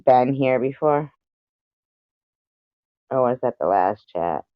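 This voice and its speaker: Speaking slowly and with animation, a mid-range male voice rambles through casual talk with his livestream audience, pausing between subjects to curse at his pets. The audio is dry and lo-fi.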